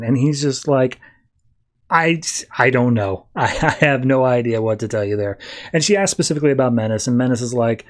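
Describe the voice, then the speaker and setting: A man on a podcast recapping a comic book plot, retelling the scenes in quick, loose quoted back-and-forth with lots of fillers. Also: medium pitch, darkish tone. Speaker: podcast host.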